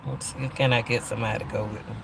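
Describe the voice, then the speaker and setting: A man's voice: on the low side, flat delivery, racing, creaky, background noise. An older man giving casual, emphatic commentary as a channel host, often repeating himself. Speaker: YouTube commentator.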